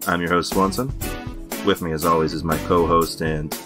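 A man's voice: deep voice, fairly even intonation, moderate pace, over music. A man hosting a casual podcast, introducing his co-hosts with teasing jokes. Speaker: podcast host. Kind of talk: casual comedic podcast chat.

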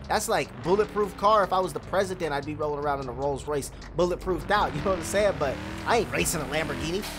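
A man's voice: fairly high pitch, fast talker, music in the background. A young man with kids, giving casual gaming commentary as a video host, hyped and full of slang as he talks to viewers and a friend.

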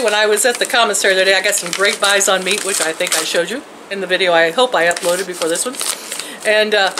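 An older woman vlogs from her home, both indoors and out in the yard, chatting folksily with her viewers. She laughs often and talks to her pets, her medium-pitched voice set against some background noise.

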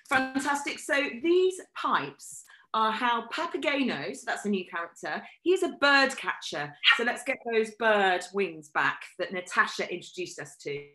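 A woman runs a live-streamed family workshop in an echoey room. She tells the story in a lively, animated way, and her voice sits fairly high. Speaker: workshop leader.

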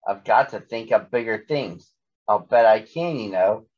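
A man voicing a young, ambitious female cat in a storybook, speaking her lines with excitement. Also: fairly low pitch, unhurried, lo-fi sound. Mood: eager.

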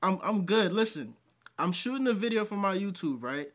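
A male host talks in a casual, excitable vlog voice and curses freely. His pitch rises and falls a lot. His tone is bright and forward. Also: moderate pace. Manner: excitable, swears, bursts into loud laughter. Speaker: video host.

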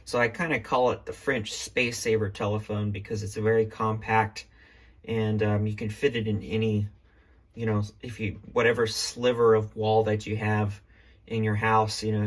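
A man with a somewhat low voice presents an item from his collection in an easygoing vlog. His speech is relaxed and halting, full of fillers and self-corrections. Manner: hesitant, with many ums and restarts. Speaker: vintage telephone collector showing a phone. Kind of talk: casual show-and-tell vlog.

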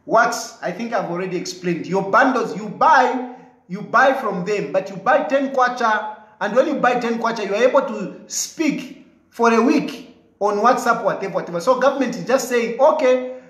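Forceful high-voiced Zambian man. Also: expressive, moderate pace, echoey room, poor audio. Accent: Zambian English. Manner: emphatic, combative, repeats his points. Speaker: commentator answering viewers' comments. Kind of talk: live commentary replying to viewer comments.

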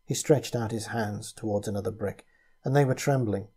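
A man narrates a story in a measured, steady way. His voice is very dark and mellow, with a husky grain to it. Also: on the low side. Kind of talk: scripted narration.

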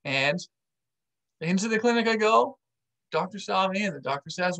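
A man with a fairly high voice tells a personal army story to camera. He is animated and acts out both sides of the conversation. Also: a little fast, rough recording.

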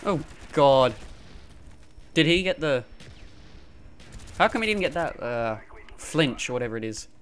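A man giving live gameplay commentary through a gaming headset, excitable and quick to yelp and laugh in fights. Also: medium pitch, slight background noise. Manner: excitable, frequent yelps and laughs during fights. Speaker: gamer.

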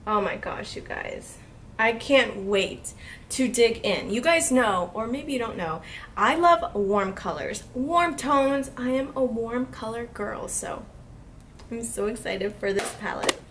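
A woman's voice: fairly high pitch, lively intonation, takes it slowly, a bit bright, distant mic, slight background noise. A woman in her twenties gushing and squealing with delight as she unboxes a beauty haul, speaking a little off-mic. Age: 20s. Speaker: beauty vlogger.

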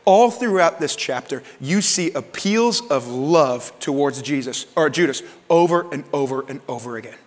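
A man preaching a sermon as pastor, in an animated, conversational way with casual slang. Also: a little high, normal speed, few pauses, in a large hall.

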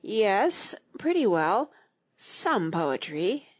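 A woman's voice: mid-range voice, sing-song, normal speed, breathy edge, pitched above the performer's own voice. A woman voicing Alice, a polite, earnest young girl in a storybook reading.

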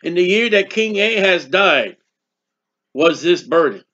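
High-voiced man preaching, lo-fi. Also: animated, bright, forceful tone. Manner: reads scripture slowly and emphatically, then explains in casual asides. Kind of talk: sermon, Bible teaching. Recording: dull lo-fi recording.

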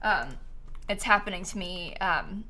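A woman's voice: on the low side, animated, unhurried, pushed and bright. A young woman doing casual live-stream commentary as she tours viewer builds, bubbly and giggly, gushing over what she sees.

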